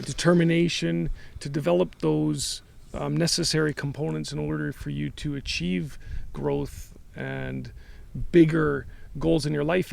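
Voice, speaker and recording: A man co-hosting a coaching podcast, walking through his points one by one and leaning on analogies. His voice is very gravelly and heavy with fry. It sits somewhat high for a man. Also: a little mellow. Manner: methodical, lays out points with analogies. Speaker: life coach and co-host. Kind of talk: casual conversational podcast.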